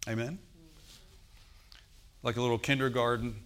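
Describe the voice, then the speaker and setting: A man's voice: mid-range voice, fairly even intonation, normal speed, fairly bright tone, smooth. A man preaching a sermon as pastor. He tells stories, acts out the voices in them and calls for amens from the congregation. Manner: storytelling preacher who acts out quoted voices.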